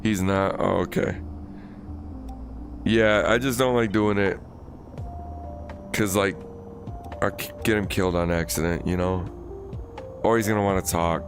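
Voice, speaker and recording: A man's voice: low-pitched, fairly even intonation, measured pace, pauses often, music in the background. An American man chatting casually and profanely with viewers on his live stream while he plays a game, rambling as he talks. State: recovering from illness.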